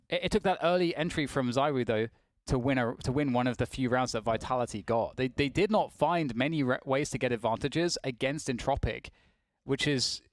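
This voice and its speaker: A man giving analysis and excited calls as a co-commentator on a competitive shooter match. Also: medium pitch, no room sound. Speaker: esports co-caster. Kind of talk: color commentary.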